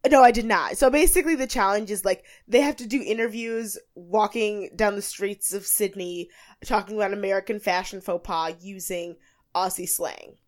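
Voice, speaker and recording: A woman co-hosting a podcast, chatting casually, giggly and animated, a bit groggy on cough medicine. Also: mid-range voice, normal speed. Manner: giggly, animated, slips into impressions. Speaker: podcast co-host. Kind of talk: casual recap chat.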